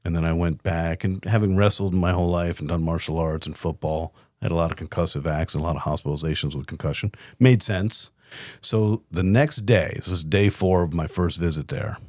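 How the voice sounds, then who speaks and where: Deep-voiced middle-aged male CEO guest; candid, blunt storyteller; dry close sound. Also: steady tone, a little fast, a little mellow, dry recording. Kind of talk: storytelling in a podcast interview.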